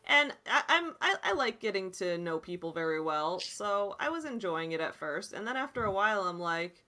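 A young woman with a bright, forward voice, talking animatedly in a loose, casual chat. She fills her speech with "like" and "dude" and reacts freely as she reads articles aloud. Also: mid-range voice, normal speed, few pauses. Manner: animated, chatty, lots of "like" and "dude".

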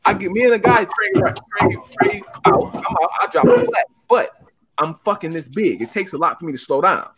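A man's voice: sits high, huge pitch swings, fast, a crowd in the background. A man telling a casual paintball story in a profane, emphatic way. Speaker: paintball team leader.

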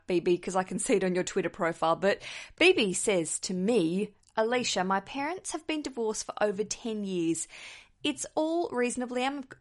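A woman with an Australian accent, hosting a casual chat podcast as a stand-up comedian, chatty and joking as she answers listener questions. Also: medium pitch.

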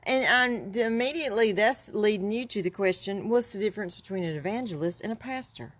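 A woman's voice: mid-range voice, fairly quick, a bit bright. A woman co-hosting a casual talk show, laughing often as she reads from her notes. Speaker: podcast co-host. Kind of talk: casual chat.

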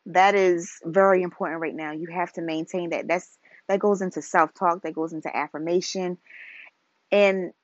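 Woman podcast host, lowish voice, relaxed and chatty, dull dry recording. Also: normal speed, no room sound. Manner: relaxed, chatty, repeats and restarts phrases, laughs lightly. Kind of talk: casual solo podcast talk.

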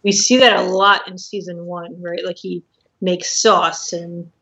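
A woman's voice: lowish voice, little pitch movement, measured pace, creaky, a bit bright, slightly rough. A woman co-hosting a casual podcast chat, talking loosely and acting out quotes with a laugh. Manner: chatty, laughing, acts out quotes. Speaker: podcast co-host.

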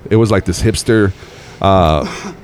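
A man's voice: sits low, unhurried, a little hiss or hum. A man in his thirties from Northern Nevada, a comedian guest telling stories casually and laughing at his own tales. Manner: animated, laughs at his own stories, says bro and dude. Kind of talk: casual storytelling.

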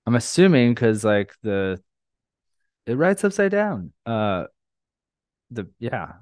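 A man's voice: mid-range voice, sing-song, slow, darkish tone, clear, resonant tone, no room sound, studio quality. A middle-aged man hosting a podcast, chatting in a rambling way and laughing often. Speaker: podcast host. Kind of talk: casual podcast chat.

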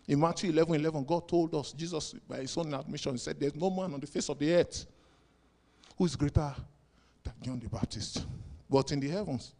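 A pastor preaching a sermon, asking rhetorical questions and bursting into sudden loud shouts. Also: male voice, a little high, fairly quick, creaky.

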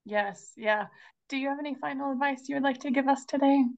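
A woman hosting a podcast interview, quick and friendly, who laughs easily. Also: high voice, creaky. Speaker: podcast host. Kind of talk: conversational interview. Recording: dull lo-fi sound.

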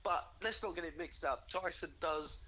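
A man's voice: moderate pace, sharp tone. A man co-hosting a casual podcast by phone, stumbling over repeated words as he rambles. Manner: repeats words when starting sentences, rambling. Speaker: podcast co-host. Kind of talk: casual chat. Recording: low phone-call audio with faint noise.

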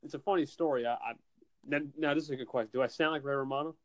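A man's voice: medium pitch, steady tone, very fast, fairly bright tone, dry recording. A man from New Jersey chatting casually as an internet radio host, rambling with lots of restarts and fillers. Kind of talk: casual chat. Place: home, winter in New Jersey.

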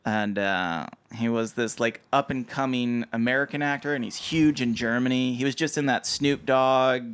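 A young man co-hosting a podcast, telling a story with animated delivery and frequent laughter. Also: medium pitch, moderate pace, clear, resonant tone. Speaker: podcast co-host. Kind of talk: casual chat.

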